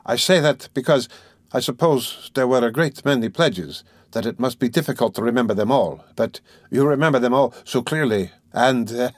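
A man's voice: medium pitch, moderate pace, dry recording, natural voice. A man voicing a tense, evasive young student who talks hesitantly and anxiously. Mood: nervous. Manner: hesitant, anxious, fake-casual.

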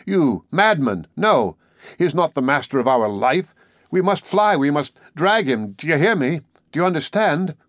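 A man's voice: mid-range voice, lively intonation, normal speed, no room sound, studio quality, close to an everyday voice. A man voicing an anxious, desperate young man in an audiobook, speaking in pleading, urgent outbursts. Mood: frantic. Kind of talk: audiobook character reading.

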